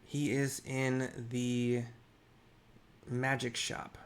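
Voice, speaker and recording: A man's voice: medium pitch, flat delivery, drawn-out words, clear, resonant tone. A man giving casual, rambling commentary on a game he is playing, full of fillers. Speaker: game streamer. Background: game music.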